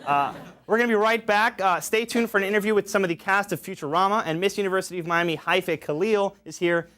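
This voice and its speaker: High-voiced young man hosting a comedy show. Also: fast talker, a bit bright. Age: young adult. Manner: joking, reads gag texts with fillers. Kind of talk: stand-up style show hosting. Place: college studio with audience.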